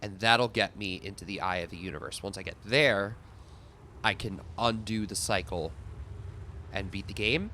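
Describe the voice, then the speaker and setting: A man's voice: on the low side, normal speed, bright, forceful tone, a little hiss or hum. A young man casually talking through his gameplay, thinking aloud with lots of fillers. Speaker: gaming video host.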